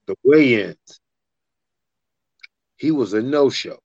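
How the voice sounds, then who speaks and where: A man spins a fight story in loose, profane chat, jumping into the voices of the people in it. His voice is mid-pitched and sits close and dry, with a slightly dull, muffled sound. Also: lively intonation, takes it slowly, darkish tone, no room sound. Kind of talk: casual storytelling in a podcast chat.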